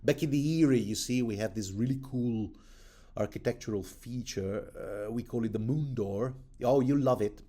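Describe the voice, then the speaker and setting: A man's voice: medium pitch, moderate pace, mellow, natural voice. A man voicing an unstable middle-aged noblewoman who swings from doting to menacing. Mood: gleeful. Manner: cooing then suddenly threatening.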